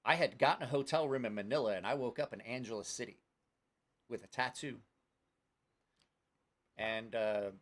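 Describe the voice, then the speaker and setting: A man's voice: medium pitch, bright, forceful tone. A man hosting a casual live stream and telling rowdy, profane stories, acting out everyone's lines. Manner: rowdy storyteller, swearing, acting out quotes. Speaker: host.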